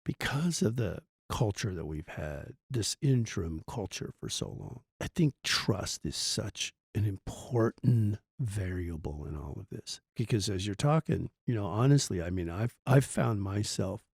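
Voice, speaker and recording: A man's voice: lowish voice, lively intonation, unhurried, gravelly, hardly any pauses, a little mellow, slightly rough, dry recording, clean studio sound. A man hosting a podcast interview, speaking thoughtfully and a bit hesitantly. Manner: thoughtful, hesitant, many fillers and restarts. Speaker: podcast host. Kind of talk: casual interview conversation.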